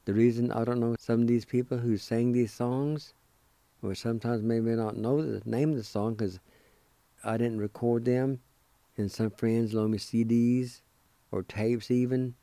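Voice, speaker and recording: A man hosting a radio language lesson, spelling out letters one at a time and repeating each word slowly and deliberately. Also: mid-range voice, fairly even intonation, dark tone, dry recording. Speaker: radio language teacher and host.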